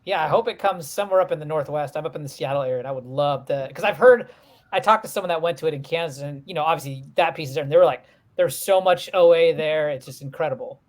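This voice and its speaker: A man's voice: a little high, quick pace. A man hosting a podcast, chatting casually with his guest and retelling what friends have said. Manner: relaxed, chatty, with many fillers and retold quotes. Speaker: podcast host. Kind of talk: casual interview chat.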